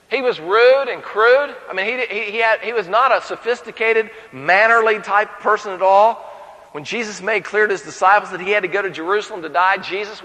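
A man's voice: high-pitched, in a large hall, rough recording. A man preaching a sermon with humor, telling stories and acting out the people in them. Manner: animated, humorous storytelling with acted voices.

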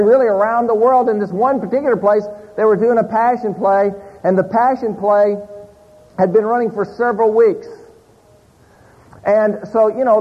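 High husky preacher guy spinning a funny story to the congregation, sounds a bit muffled and echoey. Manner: animated storyteller, addressing a live congregation. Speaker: pastor. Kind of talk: sermon storytelling. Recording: muffled audio in a large hall.

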